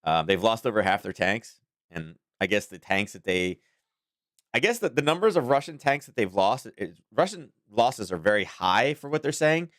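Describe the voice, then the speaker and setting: A man's voice: fairly low pitch, big pitch swings, moderate pace, a bit bright, no echo, studio quality. A man hosting a casual daily market commentary stream, talking in a rambling, chatty way with frequent chuckles.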